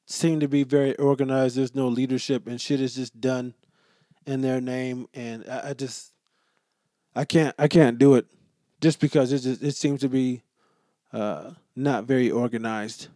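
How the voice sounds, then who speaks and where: A man's voice: medium pitch, moderate pace, dry recording. Profane joking man, dry close mic. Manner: profane, joking, animated storytelling. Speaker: podcast host. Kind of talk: casual solo podcast monologue.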